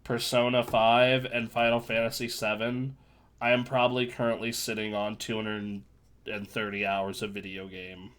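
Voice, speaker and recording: A man's voice: fairly low pitch, flat delivery, moderate pace, a bit bright, smooth. A man co-hosting a casual gaming podcast, rambling and restarting his sentences with dry asides. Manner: rambling, self-interrupting, dry. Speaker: podcast co-host.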